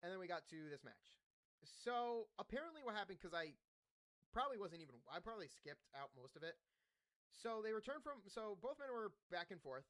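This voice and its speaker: Joking, swearing young wrestling podcast host. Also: male voice, sits high, sing-song, a little fast, fairly bright tone. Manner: swears casually, jokes and laughs at himself. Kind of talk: casual wrestling recap, reading notes aloud.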